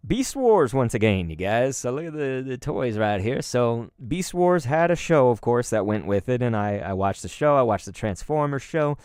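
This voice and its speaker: Male host, casual rambling nostalgic chat, lively pitch, dry close sound. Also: moderate pace, smooth, no room sound. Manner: rambling and nostalgic, with many fillers and asides to viewers. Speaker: YouTube host opening collectible cards.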